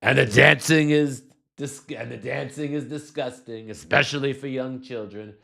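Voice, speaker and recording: A man putting on an impression of a pompous older male politician, with blustery, drawn-out emphasis. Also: mid-range voice, steady tone, vocal fry, a crowd in the background, voice pushed up, lightly acted.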